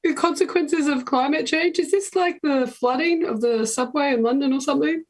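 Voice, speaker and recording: A woman on a comedy panel, guessing answers slowly and hesitantly. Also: sits high.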